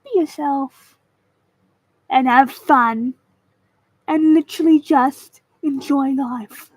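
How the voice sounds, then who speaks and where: Slow, theatrical high-voiced woman. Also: fairly even intonation, no room sound, rough recording. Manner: slow, theatrical, emphatic delivery. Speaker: vlogger. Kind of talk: dramatic motivational monologue to camera. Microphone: camera mic.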